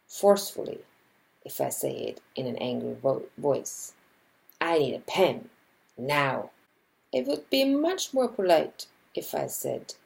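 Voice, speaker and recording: A woman lecturer giving scripted narration about linguistics, measured and explanatory, acting out example sentences as she goes. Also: low-pitched, vocal fry, dark tone, poor audio.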